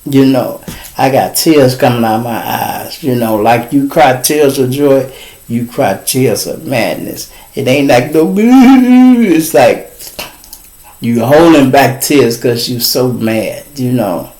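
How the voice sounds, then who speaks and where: Animated Chicago man telling street stories. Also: medium pitch, slow pace. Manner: animated street storytelling, addresses listeners as y'all. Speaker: podcast host. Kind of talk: casual storytelling.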